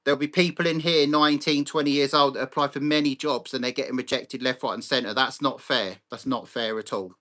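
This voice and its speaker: A man's voice: mid-range voice, steady tone, brisk, few pauses, bright, forceful tone. A man hosting a live chat stream. He talks bluntly, swears freely and greets viewers by name. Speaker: livestream host.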